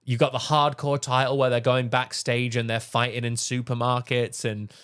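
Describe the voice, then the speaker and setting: A man's voice: mid-range voice, little pitch movement, moderate pace, a bit bright, clear, resonant tone. A man, co-hosting a podcast in casual chat. He talks with enthusiasm, laughs often and swears freely. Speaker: podcast co-host.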